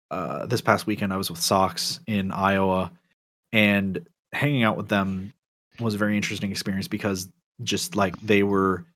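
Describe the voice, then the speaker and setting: A man with a lowish voice hosts a casual podcast. He talks in an animated way, swearing freely and leaning on fillers. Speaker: podcast host.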